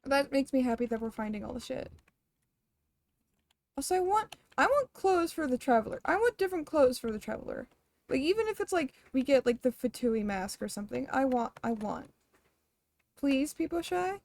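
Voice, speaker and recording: Chatty high-voiced woman streamer. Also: big pitch swings, normal speed, darkish tone. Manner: rambling, laughs often, swears casually. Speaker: game streamer. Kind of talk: casual chat while gaming.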